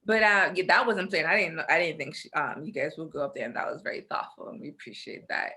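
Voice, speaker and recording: Bright-voiced young woman telling a story. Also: low-pitched, fast talker. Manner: animated storytelling, acting out quotes. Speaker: podcast co-host. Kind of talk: casual chat.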